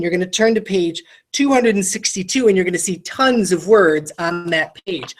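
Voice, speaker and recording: A woman teaching a recorded phonics lesson to children. She talks straight to the student with quick questions and sounds out each word slowly, syllable by syllable. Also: medium pitch.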